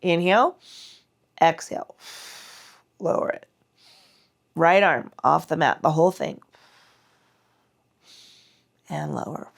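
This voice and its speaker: A woman's voice: low-pitched, slow, vocal fry, pauses often. A woman leading a mat Pilates class, cueing breath and form while doing the moves herself, her breath a little strained from the effort. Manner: cueing breath and form, speaking against muscle contraction. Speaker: Pilates instructor.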